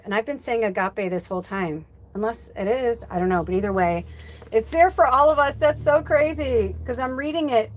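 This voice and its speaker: A woman hosting a livestream as a spiritual medium, talking casually, rambling loosely and reading out viewer comments. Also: on the high side. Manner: chatty storyteller, acts out quoted dialogue.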